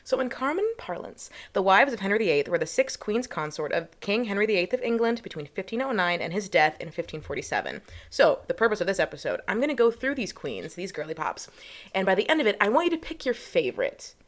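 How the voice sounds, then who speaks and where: A woman's voice: medium pitch, sing-song, fast. A woman co-hosting a casual history podcast, bubbly and slangy, swearing casually as she explains. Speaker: podcast co-host.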